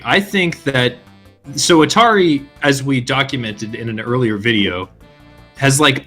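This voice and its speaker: A man in a casual group chat, sarcastic and deadpan. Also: medium pitch. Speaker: podcast co-host.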